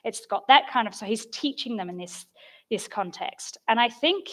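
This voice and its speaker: A woman's voice: fairly high pitch, expressive, moderate pace. Chatty woman preaching a sermon. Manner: chatty and storytelling, with soft self-deprecating humour. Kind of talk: informal sermon.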